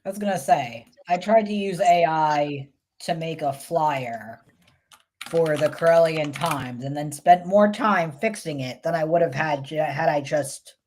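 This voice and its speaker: A woman's voice: low voice, measured pace, darkish tone, slight background noise. A woman with a New York accent co-hosting a casual livestream chat, talking in a rambling, self-interrupting way. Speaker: co-host.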